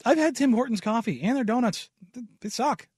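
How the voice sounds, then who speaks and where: A man's voice: extremely high pitch, animated, a little fast, darkish tone, husky, no echo, studio quality. A man co-hosting a podcast in casual chat, blunt and contrarian in his opinions. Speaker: podcast co-host.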